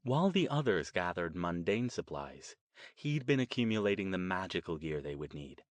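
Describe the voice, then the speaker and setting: A man reading an audiobook as narrator with steady, even storytelling. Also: low voice, moderate pace, dry recording. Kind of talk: scripted narration.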